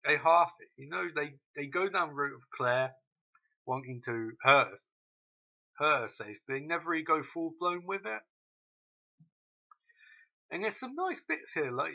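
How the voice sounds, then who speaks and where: A man ranting through a TV episode recap, swearing often and mocking the characters in quick quoted asides. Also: medium pitch, pushed and bright, highs cut off. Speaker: show recap host.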